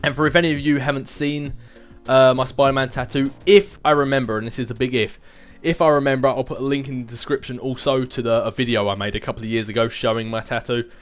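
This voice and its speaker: A man's voice: medium pitch, fairly even intonation, fast talker, hardly any pauses, soft background music. A young man in his twenties hosting a casual vlog and answering viewer questions in a rambling, chatty way, with self-mocking asides. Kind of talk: casual chat.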